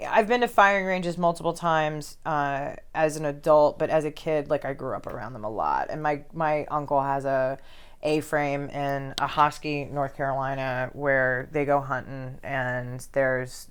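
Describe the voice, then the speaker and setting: Low-voiced chatty woman, clear tone. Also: steady tone. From grew up moving around as an army kid. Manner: chatty, quick asides, swears casually. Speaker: comedy club owner, podcast guest. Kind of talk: casual podcast chat.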